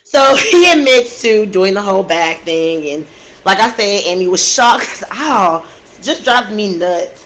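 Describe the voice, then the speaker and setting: A woman's voice: mid-range voice, lively intonation, a little slow, a bit bright, low-quality recording. A woman telling a true crime story casually into a desk microphone, getting emotional and outraged and talking straight to her listeners.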